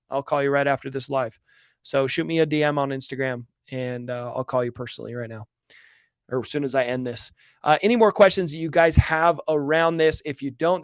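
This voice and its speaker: An earnest man coaching his audience on a live stream, his voice sitting a little higher than most men's. He talks emphatically and hammers key phrases again and again. The sound is close and dry, with no room around it. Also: creaky, no room sound. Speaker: real estate coach hosting a live Q&A. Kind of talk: motivational live-stream talk.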